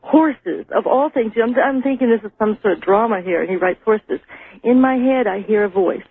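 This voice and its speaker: A woman's voice: a little high, fairly quick, breathy edge. A woman calling in to a late-night radio show and telling a ghost story, acting out each voice in it. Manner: animated storyteller, acts out the dialogue. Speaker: caller. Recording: tinny phone line.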